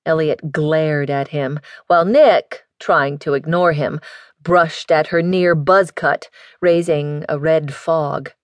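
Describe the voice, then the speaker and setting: Slow, low-voiced woman reading a mystery. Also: fairly even intonation, no room sound. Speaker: audiobook narrator. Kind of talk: scripted narration.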